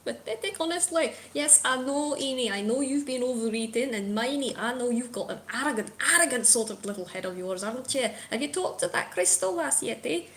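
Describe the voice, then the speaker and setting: A woman's voice: a little high, lively intonation, brisk, few pauses, slight background noise. A woman voicing a spiteful spectral father figure who berates his children, with a put-on British accent. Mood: berating. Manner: sneering, berating, scornful.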